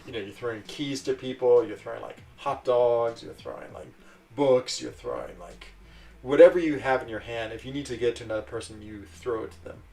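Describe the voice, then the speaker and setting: A man's voice: mid-range voice, fairly quick, creaky, warm tone, distant mic. A man hosting a livestream, chatting casually in a rambling way and laughing often. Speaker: livestream host.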